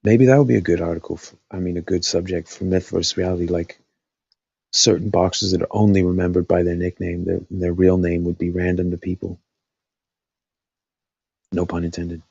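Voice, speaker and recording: A man's voice: deep voice, level tone, a little fast, creaky, darkish tone, breathy edge, dry recording, dull audio. A man hosting a casual live stream, thinking aloud with lots of fillers, his voice dry after talking all night.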